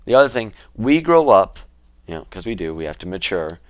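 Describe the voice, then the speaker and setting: Deep-voiced rambling young man vlogger. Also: very animated, brisk, no room sound. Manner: rambling, easily sidetracked. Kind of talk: casual vlog talk.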